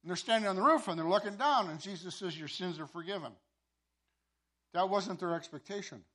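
A pastor telling a sermon story, with many repeated words and restarts. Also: male voice, sits high, fast, a bit bright.

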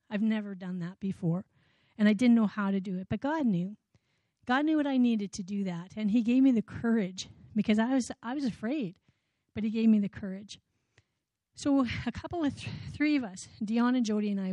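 A woman speaks in church, telling her outreach stories earnestly and repeating key phrases for emphasis. Her voice is mellow and warm, and it sounds close and dry. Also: medium pitch, dry recording. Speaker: outreach worker giving a testimony. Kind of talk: church testimony.

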